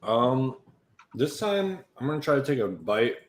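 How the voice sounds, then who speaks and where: A man playing a tabletop game, with a lively voice that swings up and down in pitch. He speaks hesitantly, with a joking edge, and the room around him sounds echoey. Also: a little slow, slight background noise. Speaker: player. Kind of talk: casual tabletop play. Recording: roomy echo.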